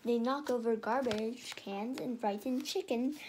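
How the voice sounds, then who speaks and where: A woman's voice: fairly high pitch, a little slow, darkish tone, a little hiss or hum, lightly acted, rough recording. A woman reading aloud and voicing a grumpy young boy who talks in a grouchy, know-it-all way. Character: grumpy young boy, sleepy older brother.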